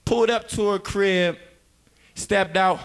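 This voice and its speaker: A young man doing a loud, rowdy stand-up comedy set, laughing between punchlines. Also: high voice, slow pace.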